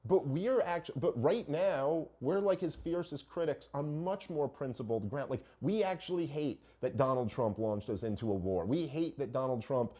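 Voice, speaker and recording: Animated, mellow-voiced man arguing casually. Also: mid-range voice, normal speed, hardly any pauses. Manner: animated, argumentative, profane, rhetorical questions. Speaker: podcast host. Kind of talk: casual opinionated chat.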